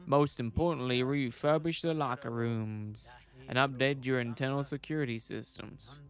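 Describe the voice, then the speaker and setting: A man voicing a brisk, commanding male police captain in a game. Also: mid-range voice, natural voice.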